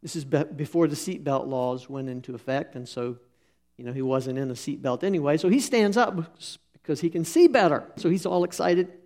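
Middle-aged male preacher, raspy gravelly tone, relaxed folksy anecdotes. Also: on the high side, brisk. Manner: folksy storytelling, many fillers and restarts. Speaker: pastor. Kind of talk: sermon with anecdotes.

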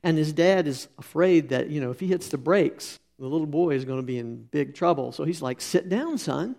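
Middle-aged male preacher, raspy gravelly tone, relaxed folksy anecdotes. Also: a little high, a little fast. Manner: folksy storytelling, many fillers and restarts. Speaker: pastor. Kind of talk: sermon with anecdotes.

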